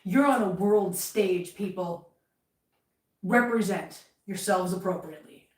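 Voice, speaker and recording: A woman's voice: medium pitch, measured pace, far from the mic. A middle-aged woman hosting a casual livestream from home, chatting and venting heatedly in a rambling way. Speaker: livestream host. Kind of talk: casual live chat while cleaning. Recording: roomy, from off-mic.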